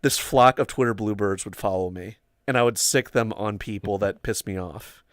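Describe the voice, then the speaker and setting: A man's voice: lowish voice, normal speed, dry recording, clean studio sound. A young man hosting a livestream chat, telling long rambling stories full of "like" and "um". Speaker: livestream host. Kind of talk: casual storytelling chat.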